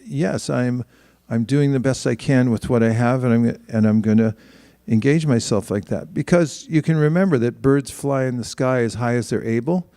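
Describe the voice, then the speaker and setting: A man's voice: medium pitch, normal speed, mellow, no echo. A man giving a spiritual talk in a conversational way, often restarting his sentences and livening up for quoted asides.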